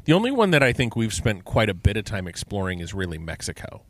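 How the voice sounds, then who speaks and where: A man's voice: lowish voice, wildly swooping pitch, quick pace, dry recording. A middle-aged man co-hosting a podcast, chatting casually and enthusiastically and asking lots of questions. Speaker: podcast co-host. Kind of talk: casual chat.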